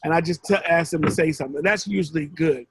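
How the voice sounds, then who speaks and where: A man's voice: on the high side, fast, slightly rough, no echo, poor audio. A man mentoring one student in a casual, rambling way over a video call, often restarting his sentences. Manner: rambling, conversational, with frequent restarts.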